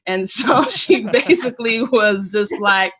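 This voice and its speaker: Woman, podcast co-host, bright tone, lively storytelling. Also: mid-range voice, a little slow, breathy edge. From Maryland, US. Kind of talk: casual conversation.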